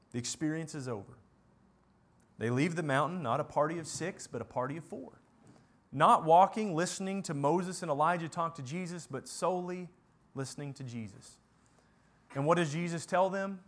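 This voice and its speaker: A man preaching a sermon, earnest, building to emphatic peaks and dropping to quiet asides. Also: a little high.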